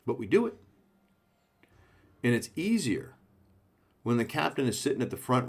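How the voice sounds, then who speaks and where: A man's voice: mid-range voice, animated, moderate pace, long pauses. A man coaching a sales team, speaking in short punchy phrases and checking in with the listener often. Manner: punchy, coaching, frequent "okay?" check-ins. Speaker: sales trainer. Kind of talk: sales training talk.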